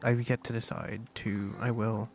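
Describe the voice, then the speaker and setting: A man voicing a mysterious ancient spirit, reading game dialogue in a quiet, hesitant, halting way over game music. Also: fairly low pitch, level tone, noisy background, lightly acted. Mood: hushed, hesitant.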